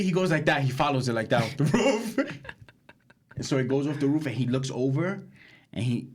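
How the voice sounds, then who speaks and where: A man's voice: normal speed, pauses often, background noise. A young man, co-hosting a podcast and telling a wild story in slangy casual chat, acting out quotes and laughing. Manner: animated, slangy, acts out quotes with big pitch jumps and laughter. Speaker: podcast co-host.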